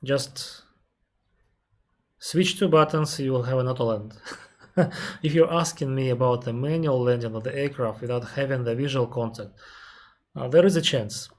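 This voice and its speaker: Russian-accented man explaining patiently. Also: medium pitch. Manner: unhurried, explaining step by step with frequent restarts and pauses. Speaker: airline captain answering viewer questions. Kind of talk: casual live-stream Q&A.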